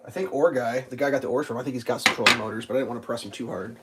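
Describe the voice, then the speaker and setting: A man's voice: mid-range voice, rapid-fire, sharp tone, rough recording. A young adult man chatting casually on a livestream, telling rambling, profane stories and acting out quoted voices. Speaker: livestream host. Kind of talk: casual live-stream chat.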